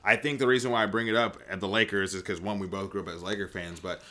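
A man co-hosting a podcast, steering the talk with steady questions in casual chat. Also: low-pitched, quick pace. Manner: steady, questioning, drives the topic. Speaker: podcast co-host.

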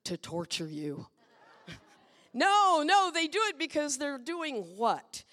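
A woman guest preacher giving a lively, playful sermon and asking the congregation questions. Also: high voice, takes it slowly, in a large hall. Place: church sanctuary.

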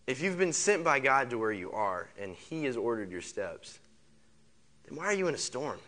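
A man's voice: mid-range voice, very animated, moderate pace, sharp tone. A man preaching a sermon. He repeats phrases, piles up rhetorical questions and leads the congregation in saying lines back. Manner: leads the congregation in call-and-response. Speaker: pastor.

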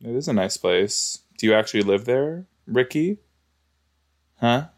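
A man's voice: mid-range voice, animated, measured pace, creaky. A man giving casual, exclamatory commentary while reacting to a show, talking back to the screen. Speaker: reaction video host.

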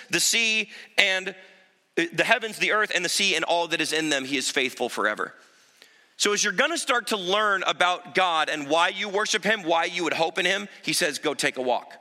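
Bright-voiced pastor preaching in a hall. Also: male voice. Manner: conversational preaching, drops low and quiet to land points. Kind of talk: sermon. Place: church sanctuary. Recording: reverberant hall.

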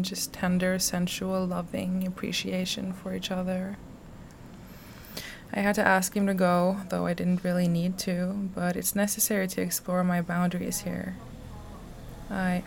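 A woman reading aloud from her personal journal, soft and slow, sometimes dropping to a whisper. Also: on the low side, creaky, a little hiss or hum. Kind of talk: intimate journal reading, poetry-like.

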